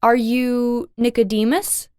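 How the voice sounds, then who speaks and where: A woman's voice: a little high, little pitch movement, slow, mellow, clear, resonant tone, dry recording, clean studio sound, voice pushed up. A woman voicing a frightened young queen asking timid questions in a storybook.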